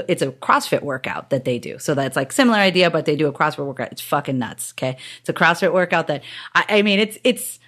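A woman's voice: sits low, a bit bright. A woman hosting a podcast interview, chatting casually, acting out quotes and swearing now and then. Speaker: podcast host.

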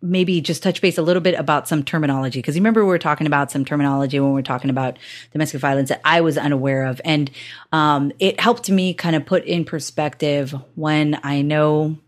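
A woman's voice: sits low, fairly even intonation, quick pace. A woman hosting a podcast interview, chatting casually, acting out quotes and swearing now and then. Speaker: podcast host.

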